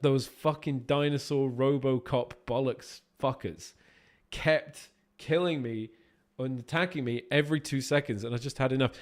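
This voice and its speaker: A man's voice: medium pitch, fairly even intonation, normal speed. Man chatting on a game stream. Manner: swears freely, answers and thanks chat while playing. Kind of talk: casual live-stream chat with viewers.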